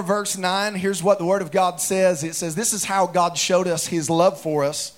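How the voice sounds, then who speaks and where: Guy preaching in church, fairly high voice, lively call-and-response sermon. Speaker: pastor. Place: church sanctuary.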